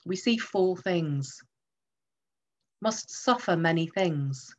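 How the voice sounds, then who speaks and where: A woman's voice: lowish voice, animated, slow. A woman preaching a sermon, emphatic and teaching through rhetorical questions.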